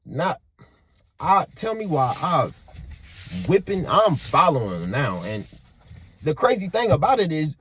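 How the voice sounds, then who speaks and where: A man telling a story in a casual monologue, animated and profane, swinging between hushed and loud. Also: a little high, a little slow, husky, dry recording. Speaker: motivational vlogger.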